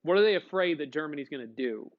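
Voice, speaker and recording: A man teaching a history class in a folksy, chatty way, often stopping to put questions to his students. His voice sits a bit high for a man. The recording sounds dull and lo-fi. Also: lively intonation, quick pace. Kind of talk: classroom lecture.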